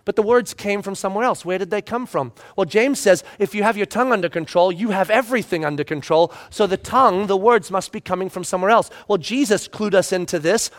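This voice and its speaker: A man preaching a sermon as a pastor, telling a story expressively and moving between loud emphasis and hushed, quiet tones. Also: sits high, quick pace, hardly any pauses.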